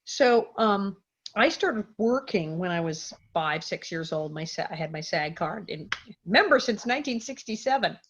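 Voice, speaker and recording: A middle-aged woman, a former child actress, casually telling lively anecdotes in an interview and acting out the quotes. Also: mid-range voice, moderate pace, husky. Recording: dull lo-fi audio.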